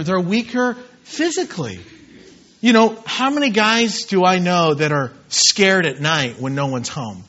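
High, bright-voiced preacher man. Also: muffled recording. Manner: animated storytelling, acts out scenes with shouts. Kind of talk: sermon.

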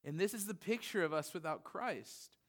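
A man's voice: high-pitched, lively intonation, moderate pace. A man in his thirties, a pastor, preaching a conversational sermon that moves from casual asides to earnest emphasis.

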